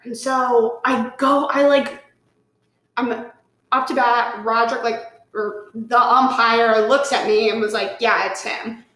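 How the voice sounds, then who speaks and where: Animated swearing woman, roomy echo. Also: fairly high pitch, takes it slowly. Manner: animated, swearing, lots of "like", acts out quotes. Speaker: podcast guest. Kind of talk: casual storytelling chat.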